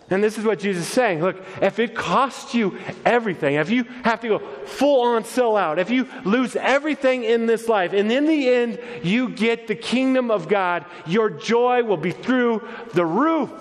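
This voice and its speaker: High-voiced animated pastor preaching. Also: male voice, normal speed, big-room sound. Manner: animated storytelling, acts out voices, many restarts. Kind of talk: sermon. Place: church.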